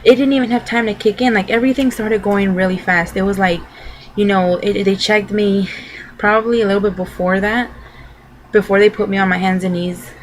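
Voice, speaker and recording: A woman's voice: mid-range voice, steady tone, brisk, a little hiss or hum, poor audio. A young adult woman vlogging, telling a personal story to camera in a loose, rambling way full of filler words.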